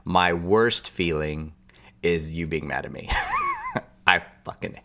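A man's voice: low voice, wildly swooping pitch, slow, vocal fry, sharp tone. A man in his forties co-hosting a podcast with his wife, talking earnestly and stumbling over restarts. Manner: earnest, apologetic, stammers on restarts. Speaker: podcast co-host. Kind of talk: casual chat.

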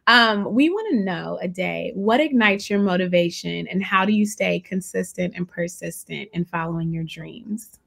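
A woman's voice: on the low side, normal speed, vocal fry, hardly any pauses. A woman interviewing a guest in a casual chat, effusive and full of praise. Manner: warm and effusive, piles on praise.

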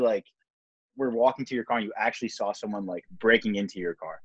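A man's voice: on the low side, fast, slightly rough, dry recording, muffled recording. A young man hosting a podcast in casual chat, rambling with lots of filler words. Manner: rambling, lots of "like" and "you know what I mean". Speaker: podcast host.

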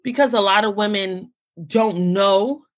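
A young adult American woman hosting a podcast, talking casually and telling stories in an animated way. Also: mid-range voice, measured pace. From United States. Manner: animated storytelling, quotes relatives in lively voices. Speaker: podcast host. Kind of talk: casual conversation.

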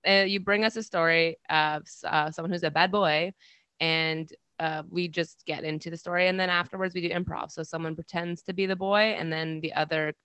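Woman guest on a podcast, bright voice, dry close sound, keeps laughing at herself and rambling. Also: lowish voice, fairly even intonation, brisk, smooth, no room sound. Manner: self-deprecating, laughs through her words, rambling restarts. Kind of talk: casual interview chat.

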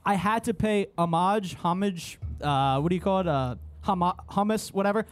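A man's voice: high voice, expressive, a little fast. A young man hosting a podcast, chatting casually in a joking, rambling way. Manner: joking, rambling, puts on a radio DJ impression. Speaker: podcast host. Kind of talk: casual studio chat.

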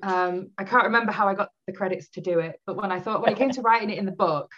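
A woman's voice: medium pitch, fast, a bit bright, slight background noise. A woman author chatting casually in an interview, laughing often as she talks. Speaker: author guest. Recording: dull lo-fi audio.

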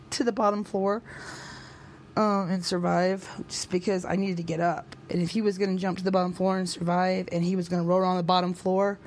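A woman's voice: lowish voice, a little mellow, slight background noise. A woman in her thirties talking casually to her viewers on a vlog, rambling and hesitant, with lots of fillers and restarts. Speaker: vlogger.

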